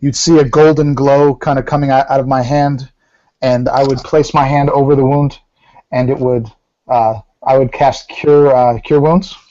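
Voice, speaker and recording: A man's voice: medium pitch, steady tone, moderate pace, mellow. A man playing a tabletop game, hesitantly narrating his character's actions. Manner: hesitant, many fillers and restarts. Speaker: player. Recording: muffled lo-fi recording.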